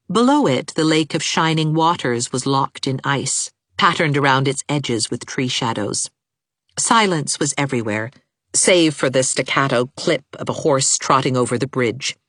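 A woman narrating a novel as an audiobook, in measured, expressive storytelling. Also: extremely low pitch, no room sound, clean studio sound. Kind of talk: scripted narration.

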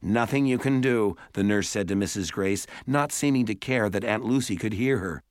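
A man reading a story aloud as an audiobook narrator, in a measured, even way. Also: lowish voice, dry recording, studio quality. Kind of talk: scripted narration.

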